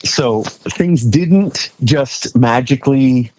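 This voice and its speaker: A man's voice: medium pitch, extremely slow, darkish tone. A middle-aged man, a pastor, sharing his personal testimony in an earnest, conversational way during an interview.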